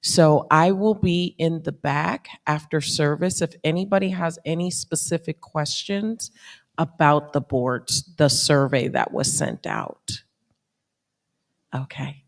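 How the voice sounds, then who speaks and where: In a church sanctuary with long reverb, a woman who is board president makes informal announcements. Her voice is low-pitched with vocal fry, and she speaks plainly and informally, using fillers.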